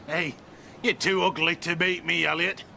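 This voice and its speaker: A cocky, gravelly taunter. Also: male voice, on the high side, fairly even intonation, unhurried, bright, forceful tone, a little hiss or hum, heavily acted. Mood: taunting. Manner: mocking, laughs between jibes. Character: cocky taunting man, boastful rival boxer.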